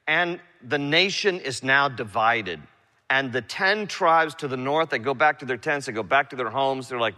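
Bright-voiced preacher in a reverberant hall. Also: male voice, mid-range voice, animated, normal speed. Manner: casual paraphrase of scripture, slangy asides. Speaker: pastor. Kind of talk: expository sermon.

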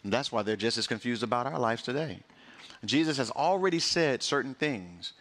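A man pastor delivering a sermon, preaching with passion and sharp swings in pitch and pace. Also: lively intonation, normal speed.

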